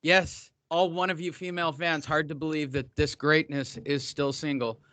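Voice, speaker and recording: Joking podcast host, bright voice. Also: male voice, fairly high pitch, steady tone, moderate pace, no echo. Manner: joking, self-mocking. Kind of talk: casual podcast banter.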